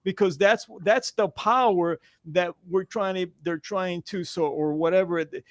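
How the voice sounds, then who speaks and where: A male guest in a casual spiritual chat, talking haltingly with many repeated words and restarts. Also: high-pitched, dry recording, clean studio sound.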